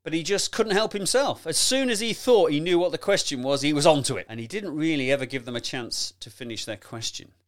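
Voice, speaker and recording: A man coaching on presentation skills in a chatty, animated teaching talk, addressing the listener directly and laughing often. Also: a little high, brisk, few pauses.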